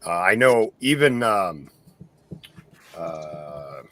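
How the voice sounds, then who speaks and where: A man's voice: deep voice, lively intonation, extremely slow, bright, forceful tone, slight background noise. A man on a live stream explaining practical advice, with many fillers. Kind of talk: casual chat.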